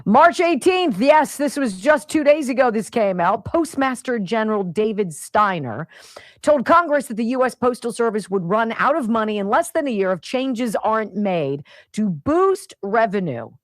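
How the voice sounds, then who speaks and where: A woman's voice: a little high, animated, normal speed, dry recording, studio quality. A woman hosting a radio talk show, ranting with sarcastic exasperation. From Pennsylvania, United States.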